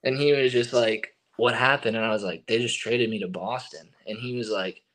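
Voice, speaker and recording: A young man being interviewed tells a story in an easy, casual voice. His delivery wanders, full of fillers and half-finished starts before he finds the thread. His pitch sits in an ordinary middle range. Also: normal speed, a little hiss or hum. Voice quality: relaxed, filler-heavy with many likes and restarts. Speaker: guest, baseball relief pitcher.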